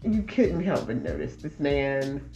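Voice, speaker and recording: Animated woman telling a dating story. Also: low-pitched, measured pace, roomy sound, soft background music. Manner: animated, acts out both sides of conversations. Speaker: podcast guest. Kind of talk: casual storytelling.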